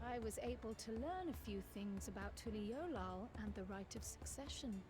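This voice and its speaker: A woman's voice: medium pitch, animated, normal speed, natural voice. An actress playing an earnest young woman companion in a video game, speaking in a composed way. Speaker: game character. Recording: game audio under music.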